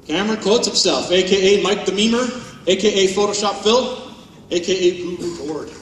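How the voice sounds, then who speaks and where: A man's voice: sits high, normal speed, a bit bright, recorded from a distance, a little hiss or hum. A man giving a comedic, profane keynote talk on stage at a conference, mocking and sarcastic. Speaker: conference speaker. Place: large hall on stage. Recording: echoey hall, speaker off-mic.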